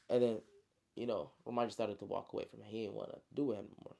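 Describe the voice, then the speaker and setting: Gravelly man telling a story casually. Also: on the low side, fast talker. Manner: slangy, relaxed, many "you know" fillers. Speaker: storyteller and author. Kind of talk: casual spoken retelling of his novel.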